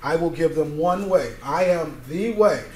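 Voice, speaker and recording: High-voiced pastor teaching in an echoey church. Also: male voice, expressive, measured pace, a little mellow. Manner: conversational, asks the congregation to fill in words, reads scripture aloud. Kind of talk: interactive Bible teaching sermon. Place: church sanctuary. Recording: echoey church room, faint noise.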